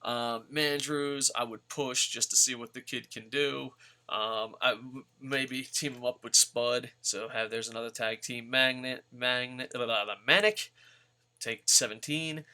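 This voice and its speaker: A man's voice: mid-range voice, steady tone, measured pace, pushed and bright, clean tone. A man ranting bluntly and profanely about wrestlers in a rambling vlog. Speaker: wrestling vlogger. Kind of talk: casual profane rant.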